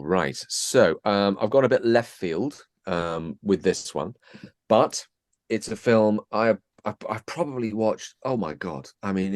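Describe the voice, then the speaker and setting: A man with a very low voice talking as a podcast guest. He is chatty and self-mocking. The recording is dry and close to the mic. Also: no echo. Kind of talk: casual chat.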